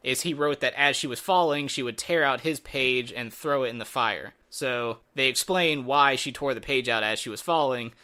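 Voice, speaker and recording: A man's voice: medium pitch, moderate pace, few pauses, bright, forceful tone, clear, resonant tone. A man giving a casual spoken movie review in a sarcastic, exasperated way.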